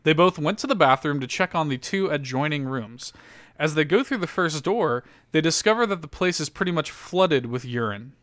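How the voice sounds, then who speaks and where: A man's voice: fairly high pitch, lively intonation, normal speed, a bit bright, no echo, clean studio sound. A man hosting a casual podcast, reading an article aloud with lots of laughter and loose, profane storytelling. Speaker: podcast host.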